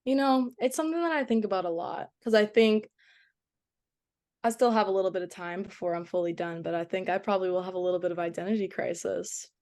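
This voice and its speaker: A woman's voice: medium pitch, fast talker, a little mellow. A young woman with a slight Boston accent, a college athlete chatting as a podcast guest, laughing often and using lots of fillers. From Boston area. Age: young adult. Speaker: guest, college soccer goalkeeper. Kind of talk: casual interview chat.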